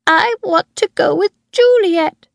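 A woman voicing a five-year-old boy who shouts and whines, in a storybook reading. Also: very high-pitched, slow pace, vocal fry, no room sound, studio quality, pitched above the performer's own voice, full character voice. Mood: whining. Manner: shouting and whining. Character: excited little boy, five years old.

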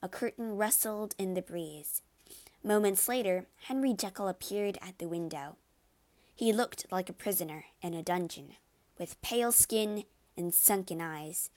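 A woman narrating a classic story in a measured, expressive storybook reading. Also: mid-range voice.

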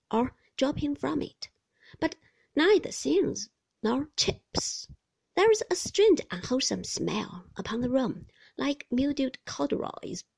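A woman narrating a classic novel slowly and deliberately, often dropping to a soft whisper. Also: a little high, vocal fry, slightly rough, low-quality recording. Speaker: audiobook narrator.

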